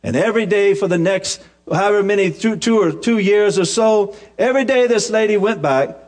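Male preacher, high voice, folksy sermon with humorous asides, repeats himself. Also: moderate pace, darkish tone. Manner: repetitive, restarting phrases.

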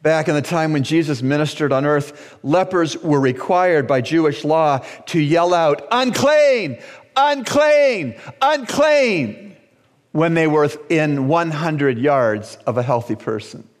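A Bahamian pastor preaching a sermon, slow and deliberate, with dramatic pauses and sudden raised cries. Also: male voice, on the high side. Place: church sanctuary. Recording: long church reverb.

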